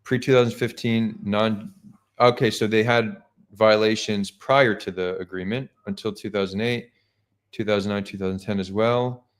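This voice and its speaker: A man's voice: on the low side, fairly even intonation, moderate pace. A man hosting a live stream, talking casually and skeptically, thinking aloud with frequent restarts. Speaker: streamer host.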